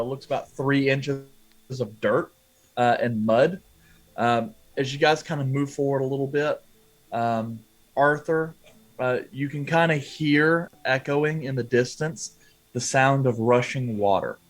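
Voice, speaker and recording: A man running a tabletop game as game master, narrating the scene in a halting way with many fillers. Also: medium pitch.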